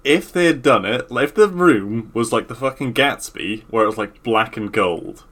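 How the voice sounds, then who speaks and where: Guy on a podcast, chatty, swears a bit, kinda bright sharp voice. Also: medium pitch, expressive, normal speed. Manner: loose, swears casually, trails off mid-sentence. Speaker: podcast co-host. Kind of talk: casual chat.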